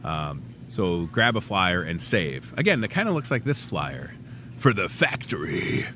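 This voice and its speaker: Man, talk-show host, goofy and chatty, animated pitch, faint background hum. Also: measured pace. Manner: goofy and chatty, jokes at himself. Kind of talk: casual talk-show ad rundown.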